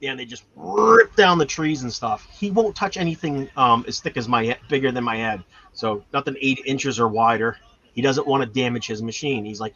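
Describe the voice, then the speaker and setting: A man's voice: medium pitch, normal speed, fairly bright tone. Chatty man rambling through a story. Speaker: homestead channel host. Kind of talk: casual chat. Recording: dull lo-fi sound.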